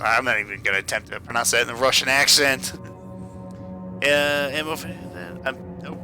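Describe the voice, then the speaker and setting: A man's voice: medium pitch, steady tone, moderate pace, pushed and bright, faint music behind. A man streaming a game, dramatically reading journal entries aloud, sometimes dropping to a half-whisper.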